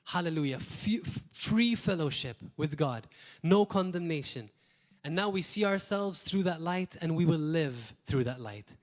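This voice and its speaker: A man from Malta preaching a sermon in a church, earnest, asking rhetorical questions and swinging between loud emphasis and quiet asides. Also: a little high, animated, measured pace. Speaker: pastor.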